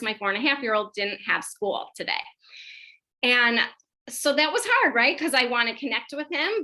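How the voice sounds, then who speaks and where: A woman clinical psychologist presents a workshop for parents in a relaxed, conversational way. Her voice sits a bit high and rings with a bright, forward edge. She is animated and keeps checking in with her listeners as she goes. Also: rough recording.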